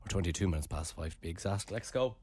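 A man's voice: low voice, animated, quick pace, warm tone, slightly rough, no echo. A man with an Irish accent hosting a radio show, teasing his co-host and laughing often.

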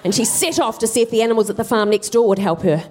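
On a theatre stage before a live audience, a woman comedian and co-host tells a comic story with wry, self-deprecating asides. Her voice is a little high and a little mellow, and she speaks quickly.

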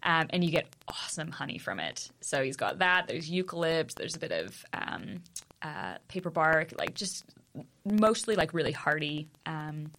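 Woman in her 30s, podcast co-host, chatty and laughing, lowish pitch. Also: expressive, normal speed, a bit bright. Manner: chatty storyteller, laughs often. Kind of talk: casual chat.

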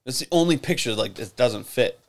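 A man co-hosting a podcast in casual chat, joking with quick asides. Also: medium pitch, lively intonation, creaky. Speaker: podcast co-host.

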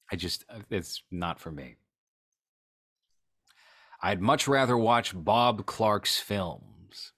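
A man with a very deep voice talks casually with a co-host. His remarks are dry and sarcastic, tossed off in a relaxed chat. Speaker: podcast co-host. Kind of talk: casual chat reacting to a video.

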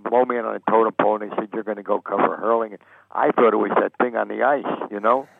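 Older American storyteller on a phone line, gravelly and lowish, acts out his quotes. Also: steady tone, fast talker, no room sound. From United States. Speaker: sportswriter guest. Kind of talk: anecdotal storytelling interview.

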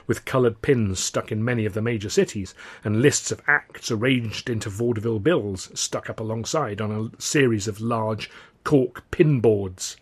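A man reading his own comic novel aloud in the first person, with a wry, lively storytelling manner. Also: mid-range voice, breathy edge. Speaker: author and narrator.

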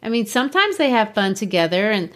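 A woman's voice: mid-range voice, very animated, a little fast. Chatty woman discussing a book. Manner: chatty, with frequent laughs. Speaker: podcast co-host.

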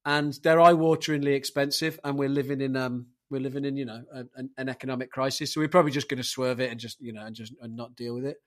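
A man's voice: medium pitch, little pitch movement, fast, hardly any pauses, fairly bright tone. A man hosting a casual podcast chat, swearing and telling rambling anecdotes. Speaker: podcast host running the segment.

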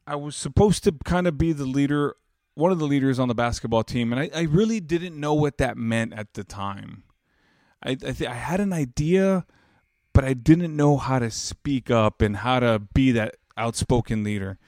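A man in his thirties, with a mid-range voice, tells an emotional personal story in an earnest, reflective way, recorded clean in a studio with no room sound. He rambles and restarts often, growing louder and more emphatic as he makes his points.

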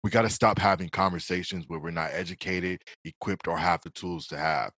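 A man in a casual conversation, speaking in a measured, earnest way as he makes his case. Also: deep voice, fairly even intonation, fairly bright tone, no echo.

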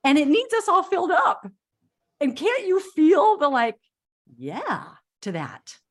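A woman's voice: sits high, wildly swooping pitch, unhurried. A middle-aged woman, a self-love coach, giving an enthusiastic motivational talk to a group and acting out little quotes in a playful way.

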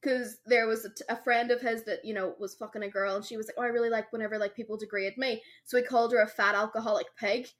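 A young woman with a somewhat high voice chats on a podcast. She tells stories animatedly, acts out what people said, and fills her talk with "like". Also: fast talker, hardly any pauses. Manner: animated storytelling, acts out quotes, says "like" a lot. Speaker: podcast co-host. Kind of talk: casual chat.

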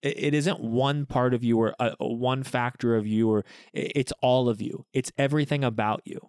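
A man's voice: medium pitch, fairly even intonation, moderate pace, darkish tone, clear, resonant tone, no echo, clean studio sound. A young man co-hosting a podcast with his partner, talking in an effusive, casual way, cursing and saying "dude.". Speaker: podcast co-host, expectant father. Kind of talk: casual couple chat.

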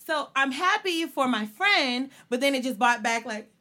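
Animated woman telling stories, bright voice. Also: high-pitched, moderate pace. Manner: animated, laughing, swearing freely. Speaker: podcast co-host. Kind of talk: casual storytelling chat.

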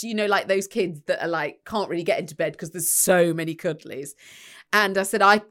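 A woman co-hosting a podcast, rambling through anecdotes with lots of fillers and little acted-out voices. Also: sits low. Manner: chatty, rambling, many fillers, acts out voices. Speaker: podcast co-host. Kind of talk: casual chat, storytelling.

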